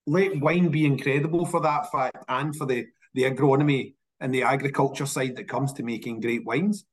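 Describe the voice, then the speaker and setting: A man with a Scottish accent telling stories in a casual interview, animated and often repeating words as he restarts. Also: medium pitch, moderate pace. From Scotland. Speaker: whisky industry guest.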